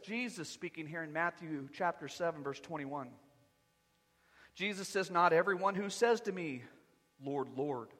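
Male pastor preaching, kinda high voice, lively and jokey, long church hall reverb. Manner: animated, conversational preaching with humor. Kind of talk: sermon. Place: church sanctuary.

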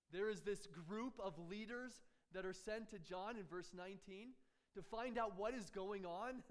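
High-voiced man preaching a sermon. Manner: conversational, asks rhetorical questions, chuckles often. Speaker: pastor.

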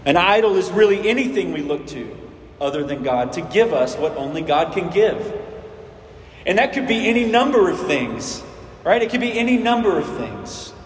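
A man delivers a sermon in a relaxed, conversational way, tossing rhetorical questions at his listeners and restarting phrases as he goes. His voice sits a little high for a man. The sound is roomy, with a long reverb tail from the church hall. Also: normal speed, slight background noise. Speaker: pastor.

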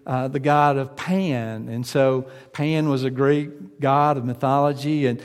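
A man's voice: mid-range voice, steady tone, unhurried, clean tone. Man preaching a sermon in a reverberant hall. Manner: hesitant with frequent uh fillers, rising to emphatic preaching. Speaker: pastor.

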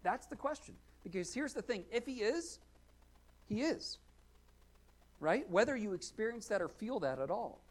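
A male pastor preaching a sermon, earnest, asking rhetorical questions, rising to emphatic points and dropping to quiet asides. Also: high voice, sing-song, normal speed, long pauses, poor audio. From United States.

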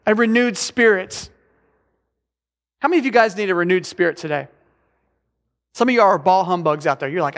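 A man's voice: high-pitched, normal speed, long pauses, a bit bright, long reverb tail. A middle-aged man, preaching a conversational sermon with joking asides to his congregation. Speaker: pastor. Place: church sanctuary.

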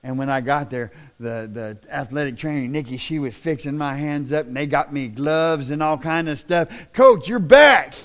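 A middle-aged man preaching a sermon in a folksy, plain-spoken way that swells into loud, impassioned shouting. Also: mid-range voice, steady tone, moderate pace, hardly any pauses. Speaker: pastor.

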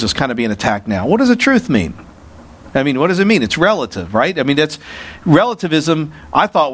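A man preaching a verse-by-verse sermon in a relaxed, conversational way. His voice sits at a middle pitch. He often restarts his sentences and breaks off into asides. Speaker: pastor. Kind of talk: sermon, verse-by-verse Bible teaching.

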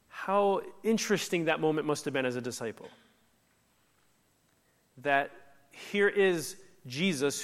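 Conversational male pastor in an echoing hall. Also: on the high side. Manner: conversational, emphatic, acts out quoted lines. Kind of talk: sermon. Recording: echoey hall reverb.

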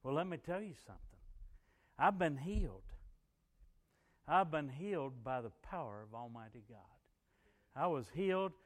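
A man's voice: a little high, expressive, normal speed, pauses often. A middle-aged man preaching a sermon as pastor, moving between folksy storytelling and emphatic bursts of preaching.

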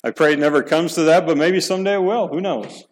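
A man's voice: on the high side, fast, low-quality recording. Earnest middle-aged male preacher. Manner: earnest, emphatic preaching with rhetorical questions; repeats words as he restarts. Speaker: pastor. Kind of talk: sermon.

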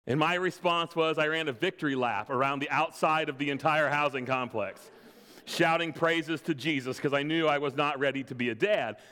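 A man's voice: fairly high pitch, normal speed. A pastor in his thirties giving a sermon with personal stories and self-deprecating humor. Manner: storytelling, self-deprecating humor with quiet laughs. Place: church sanctuary. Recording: long reverb of a large hall.

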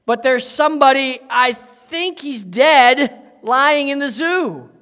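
A male pastor reading the part of an anxious young man who is fleeing a crime scene, breathless and rushed. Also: very high-pitched, fairly bright tone, pitched above the performer's own voice, heavily acted. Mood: urgent. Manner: breathless, talks in a rush. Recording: echoey hall.

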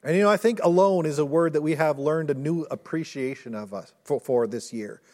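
A male pastor preaching a sermon in earnest, rising to intense storytelling and dropping low and soft. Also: fairly quick. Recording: long hall reverb.

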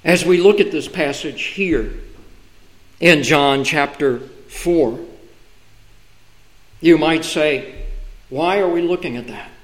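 A man preaching a sermon from the pulpit in a slow, deliberate way, pausing for emphasis. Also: on the high side, echoey room, poor audio. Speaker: pastor. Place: church sanctuary.

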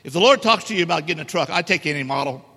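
Bright-voiced preacher in an echoey church. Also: male voice, fairly high pitch, expressive, rapid-fire, creaky, husky. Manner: emphatic, joking with the congregation. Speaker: guest preacher. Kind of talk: sermon. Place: church sanctuary. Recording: echoey church hall reverb.

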